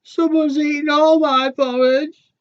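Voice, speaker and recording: A man doing a squeaky little baby bear. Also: little pitch movement, takes it slowly, lo-fi sound. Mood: upset. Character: small squeaky baby bear cub, upset.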